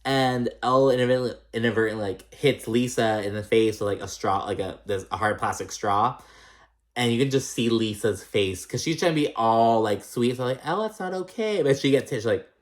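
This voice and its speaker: A man's voice: medium pitch, brisk. A young adult man recapping a reality TV episode in casual chat, swearing freely, laughing often and acting out the cast's lines. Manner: profane, chatty, laughs often, acts out quotes.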